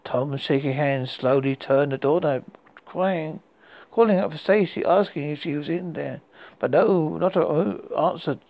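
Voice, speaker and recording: Gravelly male horror storyteller. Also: on the high side, darkish tone, no room sound, rough recording. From United Kingdom. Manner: halting, with frequent restarts. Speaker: horror podcast host. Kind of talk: storytelling narration.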